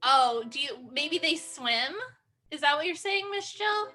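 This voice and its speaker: A woman hosts a children's sing-along over a video call, with a high, bright voice that stays unhurried. She is playful and encouraging, gasping with delight and throwing in animal noises. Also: expressive, faint music behind.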